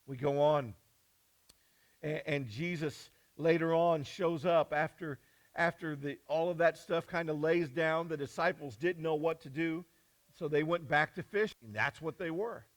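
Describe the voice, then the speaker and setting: A man's voice: on the high side, a little slow, rough recording. Male pastor preaching with big swings. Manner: storytelling, voices quotes with swings from hushed to loud. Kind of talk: sermon.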